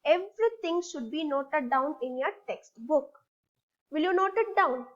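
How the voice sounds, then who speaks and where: A woman teaching a recorded lesson, slowly guiding her class with repeated prompts and questions. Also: high-pitched, expressive, lo-fi sound. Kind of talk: recorded online English lesson.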